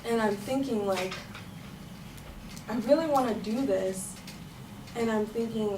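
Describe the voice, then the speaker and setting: A woman's voice: on the high side, unhurried, long pauses. Chatty young woman in an echoey room. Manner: chatty, laughing storytelling with many "like"s. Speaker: storyteller. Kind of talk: personal story told to a room. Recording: echoey room, far from the mic, noisy.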